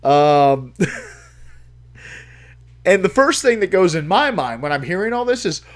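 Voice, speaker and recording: Livestream host, male, fairly high voice, animated and foul-mouthed raconteur. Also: slow pace. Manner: animated, swears freely, laughs while telling. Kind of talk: casual storytelling, profane.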